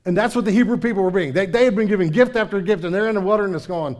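A man's voice: high-pitched, brisk, few pauses. A middle-aged man preaching a sermon, telling the story with energy and acting out the voices of the people he quotes. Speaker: pastor.

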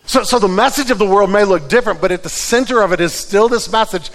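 A man preaching a sermon who drops to a hushed voice and then builds back up loud, repeating words as he restarts. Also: high-pitched, fast. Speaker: pastor. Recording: reverberant hall.

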